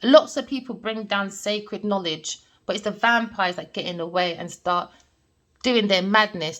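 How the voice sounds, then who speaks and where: A woman talks through a tarot reading in a lively, emphatic manner, often checking in with "all right?" Her pitch sits mid-range for a woman, and she speaks plainly and directly, as if telling a story to friends. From Jamaican family background. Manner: animated, emphatic, repeats points with "all right?". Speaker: tarot reader.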